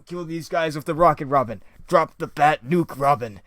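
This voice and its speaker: A man playing a stern male caped hero who barks blunt orders and threats. The voice sits near his own, slightly raised and dry-sounding, with a bright, lively pitch. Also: moderate pace, no echo, close to an everyday voice. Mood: commanding.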